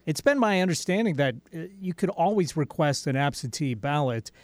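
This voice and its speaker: A man co-hosting a casual chat, measured and a little hesitant. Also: fairly high pitch, lively intonation, no room sound.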